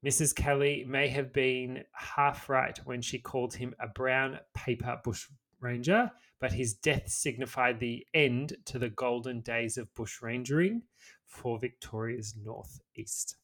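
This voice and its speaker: A man's voice: medium pitch, steady tone, a little slow, a bit bright. An Australian man with an everyday mid-range voice reads a history story for a podcast. He mixes the scripted telling with loose, sweary asides to his co-host. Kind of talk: reading a history story aloud, with casual banter.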